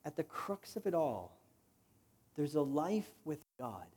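A man's voice: fairly high pitch, big pitch swings, unhurried, mellow, breathy edge. A man preaching a sermon in a direct, conversational way, putting questions to the congregation. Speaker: pastor.

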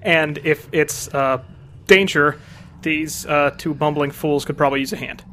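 A greedy young adventurer, eager and loud about treasure, as a man puts him on in a tabletop game. His voice sits a little high, with a faint background hiss. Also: fairly even intonation, measured pace.

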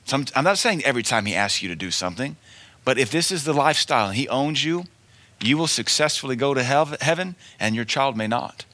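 Man, preacher, sermon, bright forceful tone, emphatic, folksy storytelling, repeats key lines. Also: mid-range voice, expressive, fairly quick.

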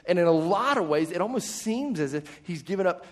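A male pastor preaching a sermon in a conversational way, with quick asides and jokes. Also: sits high, lively intonation.

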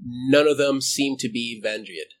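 Serving as game master for a tabletop session, a man with a mid-range voice narrates in a halting way, full of fillers and restarts.

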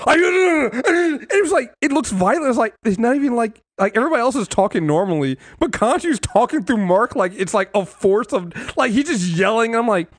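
A man co-hosting a casual podcast chat, animated and breaking into little voices to act out what characters say. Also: very high voice, fairly quick, dry recording, clean studio sound. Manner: animated, acts out characters' lines mid-story. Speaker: podcast co-host.

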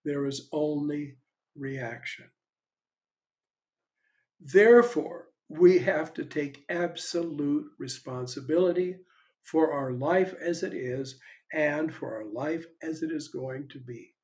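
An older man speaking as a spiritual teacher, his voice sitting a little high for a man. He teaches in a frank, conversational way and drifts easily into stories, with thoughtful pauses between phrases. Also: darkish tone.

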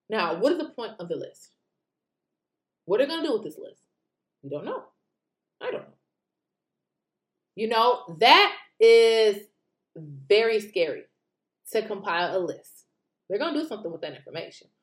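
Indignant woman ranting in an echoey room. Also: medium pitch. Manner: animated, rhetorical, indignant, with mocking asides. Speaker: political commentary vlogger. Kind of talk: casual opinion commentary.

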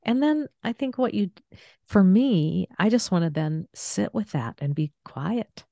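A woman podcast host talking in a calm, reflective way, slowly repeating phrases. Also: medium pitch, creaky, no echo. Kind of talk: casual faith-based conversation.

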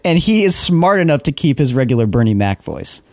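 Man, podcast co-host, mid voice, animated, dry close mic, laughs a lot. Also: medium pitch, a little fast, no echo. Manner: laughing often, blunt, swearing. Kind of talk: casual film chat.

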